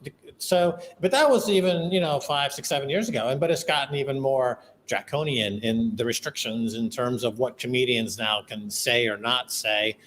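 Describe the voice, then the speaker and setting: An older man, a guest on a casual live-stream chat, animated and jokey, with loud excited bursts. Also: medium pitch, normal speed, slight background noise.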